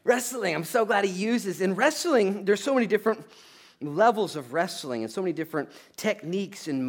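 Speaking at a medium pitch, a pastor gives a conversational sermon full of animation and humor. He repeatedly drives his points in with "okay?" and launches into loud asides that he acts out.

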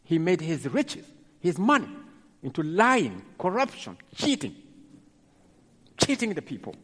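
This sermon storyteller is a male preacher whose husky, animated voice sits fairly high. Halting and prone to repeating himself, he dramatically plays the characters he describes, all under a long, echoing hall reverb.

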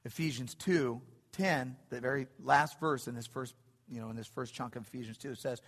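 A middle-aged man preaching a sermon in a church, animated and building to excited peaks, often repeating phrases. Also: mid-range voice, moderate pace. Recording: long hall reverb.

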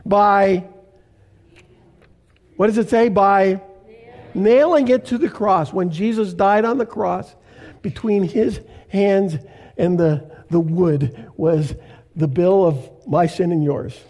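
An older man from Canada, a pastor preaching a sermon in a slow, deliberate way with emphatic pauses. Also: high voice, darkish tone.

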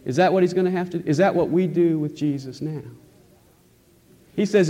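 Male pastor, earnest emphatic sermon delivery, mellow tone, long reverb of a church hall. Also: a little high, moderate pace. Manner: earnest, emphatic preaching with rhetorical questions. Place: church sanctuary.

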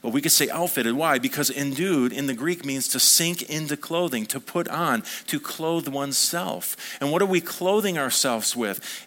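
A man's voice: fairly high pitch, pushed and bright. A man preaching a sermon as a pastor, talking conversationally and asking the congregation questions.

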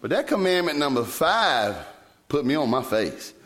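A man, preaching a sermon as a pastor, telling personal stories with sudden leaps up in pitch when he quotes himself. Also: big pitch swings, normal speed, fairly bright tone. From Virginia, US.

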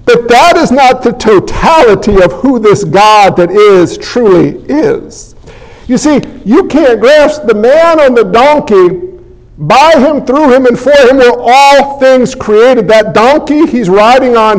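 A man preaching a sermon, his voice sitting very high for a man. He drives his points home with repeated phrases and rhetorical questions, then drops into folksy, joking asides to the congregation. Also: lively intonation, slow, low-quality recording. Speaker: pastor.

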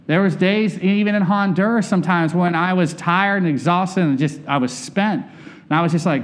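A man's voice: high-pitched, moderate pace. A man preaching a conversational sermon, candid and personal, often turning to ask his listeners questions.

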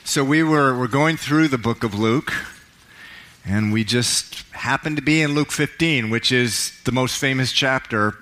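Slow, dramatic man preaching. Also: mid-range voice. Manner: dramatic, swells up on key words and drops to a hush. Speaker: pastor. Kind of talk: sermon reading scripture aloud. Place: church.

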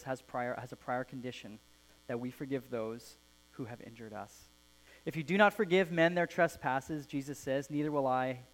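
A man in the pulpit preaching to his church, earnest and steady at a middle pitch. His phrases drop softer as they close. A low mains hum sits under the voice. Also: poor audio. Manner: earnest, falls soft at phrase ends. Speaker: pastor. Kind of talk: sermon with a read-aloud story.

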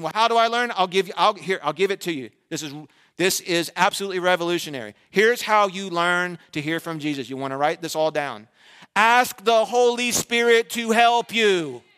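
Bright-voiced preacher man, high pitched. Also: fairly quick, clear, resonant tone. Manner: asks the congregation rhetorical questions and briefly acts out their replies. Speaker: pastor. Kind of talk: sermon.

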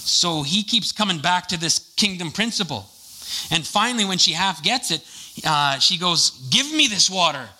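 A man's voice: high-pitched, lively intonation, moderate pace, pushed and bright, rough recording. A man preaching a casual, conversational sermon, full of jokey asides and fillers.

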